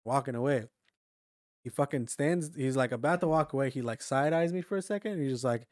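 A young man co-hosting a loose podcast chat, rattling off a story at a fast clip. He swears freely and says "like" constantly, his voice at an ordinary pitch. The recording is dry and close. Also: dry recording. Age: young adult. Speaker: podcast co-host. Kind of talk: casual chat.

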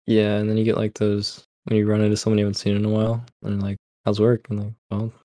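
A man with a lowish voice jokes and laughs his way through a relaxed podcast chat. The recording is dry and close-miked. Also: fast, dry recording. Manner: joking, laughs often. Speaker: podcast co-host. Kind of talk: casual chat.

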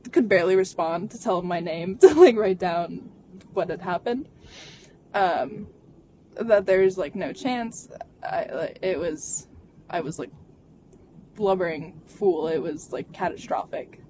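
A young adult vlogger recounts a personal story in a candid, halting way, stumbling through fillers and restarts. The voice sits at a middling pitch. It was recorded inside a car, with road noise clearly heard underneath. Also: darkish tone, poor audio. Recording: vehicle noise behind.

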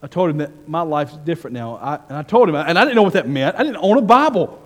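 A man preaching a sermon as senior pastor, telling stories and swinging from hushed asides to fervent, raised delivery. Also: a little high, animated, fast, big-room sound.

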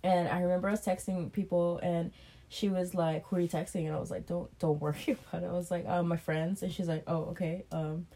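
Woman, podcast co-host, casual storytelling, profane, animated, quoted dialogue. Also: on the low side, brisk.

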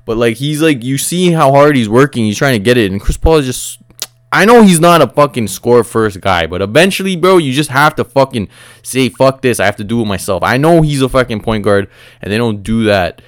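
Profane, rambling young podcaster. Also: male voice, medium pitch, lively intonation, moderate pace, dry recording, studio quality. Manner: frustrated, profane, rambling with filler words. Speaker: podcast host. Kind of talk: casual solo sports podcast rant.

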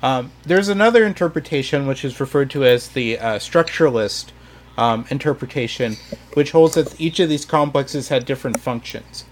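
A man's voice: medium pitch, animated, normal speed. A man explaining history on a podcast in a hesitant, casual way, full of ums and restarts. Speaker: history presenter.

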